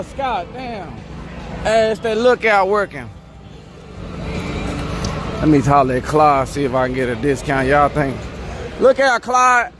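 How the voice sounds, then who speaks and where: A man hosting a racing channel at an outdoor drag strip, chatting casually and excitedly as he reads out viewer shoutouts. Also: sits high, noisy background. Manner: loose, excited hype talk, rattling off viewer locations. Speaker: racing channel host filming trackside. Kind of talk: casual livestream-style shoutouts.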